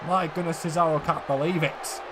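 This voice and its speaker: Over a noisy background, a man with a fairly high voice races through fairly quick wrestling video game commentary. He shouts often and keeps speaking to the audience as ladies and gentlemen.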